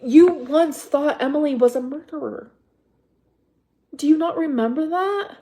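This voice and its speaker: A woman ranting to her livestream chat, defensive and exasperated, throwing the same rhetorical question again and again. Her voice sits a bit high but sounds mellow and soft-edged, and she swears often. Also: unhurried. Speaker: livestream host.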